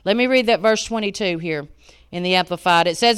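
A woman preaching a sermon, rising to loud emphatic peaks and dropping to hushed asides. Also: fairly low pitch, a little fast, clear, resonant tone.

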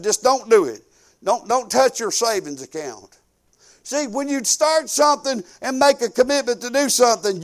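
An older man preaching a sermon in a folksy, conversational way that swells into emphatic bursts. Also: very high-pitched.

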